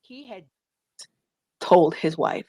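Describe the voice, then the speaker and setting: A woman from the United States telling her story in an interview, animated, acting out quoted voices and fighting back tears. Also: low-pitched, takes it slowly, gravelly, husky, no room sound. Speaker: guest, nonprofit founder.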